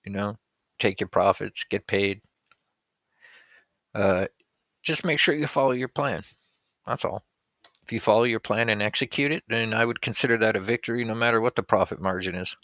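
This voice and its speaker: An upbeat man co-hosts a casual trading stream, laughing and whooping between bits of advice. His voice is low and bright, with a dull, muffled sound quality. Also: normal speed, pauses often, dry recording. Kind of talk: casual live-stream chat.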